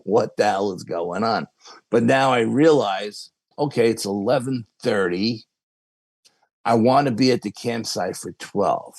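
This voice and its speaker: Gravelly low-voiced man telling a story. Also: no echo. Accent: New York. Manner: animated storyteller with quoted dialogue. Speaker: podcast guest. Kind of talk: casual storytelling.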